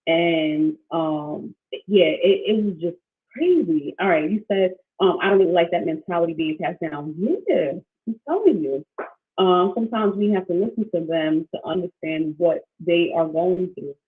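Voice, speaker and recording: A woman hosting a casual livestream as a coach, talking in a rambling, animated way with many restarts and fillers, reading out viewer comments. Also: lowish voice, normal speed. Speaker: financial wellness coach, livestream host. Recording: tinny phone-like sound.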